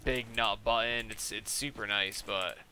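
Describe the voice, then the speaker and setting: A young man rambles on a gaming live stream, telling a story in loose bursts full of "like" and quoted back-and-forth. His voice is very bright and forceful. Faint noise and keyboard clicks sit under him. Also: lowish voice, steady tone, unhurried. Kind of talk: casual live-stream chat while playing.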